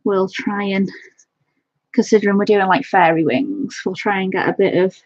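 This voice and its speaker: A woman's voice: mid-range voice, lively intonation, moderate pace, no room sound. A woman colouring on a live stream, chatting fondly and greeting viewers by name. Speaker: livestream colouring host. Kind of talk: casual live-stream chat while colouring. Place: home. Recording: dull, lo-fi home stream audio.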